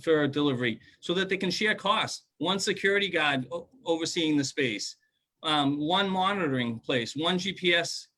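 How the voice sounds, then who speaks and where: Bright-voiced man giving public comment. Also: a little high. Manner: halting, fillers, earnest.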